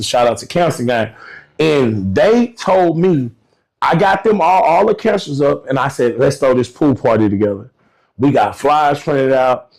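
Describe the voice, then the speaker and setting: A man talking as a podcast guest, telling a story casually in slangy, direct speech and acting out the other people in it. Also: mid-range voice. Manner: animated, acts out voices of people in his stories; slangy, direct address to listeners.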